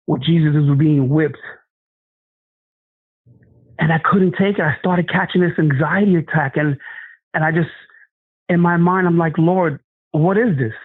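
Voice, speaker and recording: A man shares his testimony in an earnest, halting voice, often stopping and restarting his sentences. His voice sits a little high for a man. The sound is thin and dry, like a phone line. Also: no echo. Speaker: guest sharing a testimony. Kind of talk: emotional personal testimony.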